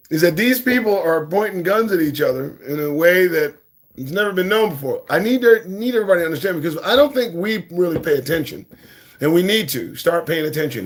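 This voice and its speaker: A male talk-show host with a slightly high-set voice delivers blunt, cursing commentary. He keeps calling on "folks" to listen up and talks like he is sounding an alarm. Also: fairly bright tone, slightly rough.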